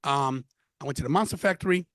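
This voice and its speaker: With a mid-range voice and quick pace, a former wrestler in his fifties from Brooklyn, New York accent intact, guests on a podcast for a casual interview. The recording is dry, and his storytelling is animated and emphatic, full of repeated phrases.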